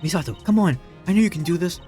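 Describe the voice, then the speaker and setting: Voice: mid-range voice, animated, fast, dark tone, soft background music, pitched above the performer's own voice, close to an everyday voice. A player reading a defense attorney in a fan visual novel, coaxing and urgent as they press a witness. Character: pleading, desperate defense attorney.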